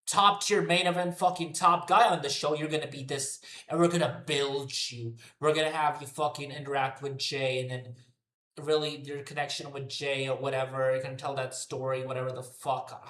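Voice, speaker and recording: A man's voice: a little high, a bit bright, roomy sound. A man ranting profanely to his live chat about a wrestling show, repeating himself as he goes. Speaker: wrestling commentary streamer. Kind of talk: unscripted rant to a live chat. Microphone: headphones on.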